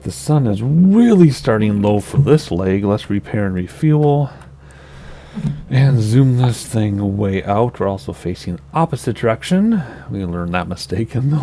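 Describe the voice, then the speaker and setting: A man's voice: medium pitch, gravelly. A man hosting a flight simulator let's-play, chatting casually and thinking aloud as he sets up a flight. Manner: relaxed, chatty, thinking aloud with small laughs. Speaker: gaming channel host.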